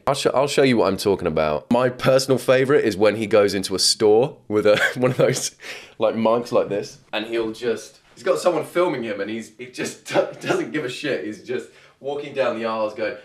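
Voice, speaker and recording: Joking low-voiced male reaction host. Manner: jokey, rambling, laughs often, swears. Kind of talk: comedic reaction commentary.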